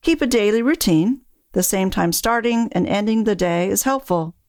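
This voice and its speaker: A woman narrates in a calm, measured way as a dementia care coach. Her voice sits at a middle pitch. The recording is close and dry, with no room sound. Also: dry recording. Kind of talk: scripted narration.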